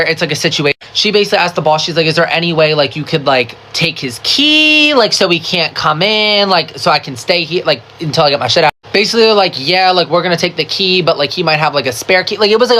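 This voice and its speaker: Bright, chatty, swearing storyteller. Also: medium pitch, a little hiss or hum. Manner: chatty, swears a lot, constant "like" fillers; dramatic, animated retelling with quoted voices. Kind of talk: casual storytime.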